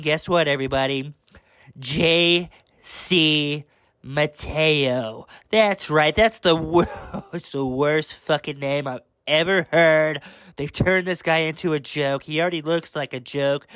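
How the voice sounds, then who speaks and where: A man's voice: a little high, a bit bright, clear, resonant tone, no echo. A young man angrily ranting through a review of a wrestling show, swearing and exasperated. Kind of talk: angry rant review.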